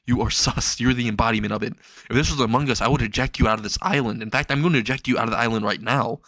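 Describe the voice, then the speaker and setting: A man's voice: medium pitch, rapid-fire, a bit bright, no echo. A man voicing a brash young male hero who takes over as a rude show host, trash-talking crudely. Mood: cocky. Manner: cocky, crude trash talk.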